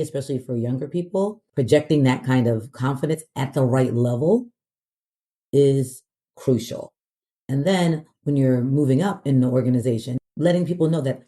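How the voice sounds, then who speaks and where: A woman from the American South, a podcast guest, talking casually and confidently, clear speech with frequent fillers. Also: rumbling low, dark tone. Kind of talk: casual interview talk.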